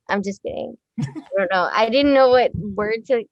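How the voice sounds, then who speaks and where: A woman in her thirties, a musician being interviewed, talking in a rambling, excitable way, swearing freely and laughing often. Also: mid-range voice, moderate pace, muffled recording. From Texas. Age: 30s. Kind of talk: casual chat.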